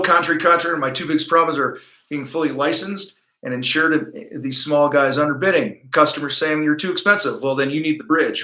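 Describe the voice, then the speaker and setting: A man's voice: on the high side, bright, forceful tone, reverberant. A middle-aged man hosting a livestream coaching talk from his office, blunt, profane and pumped-up. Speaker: host. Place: home office.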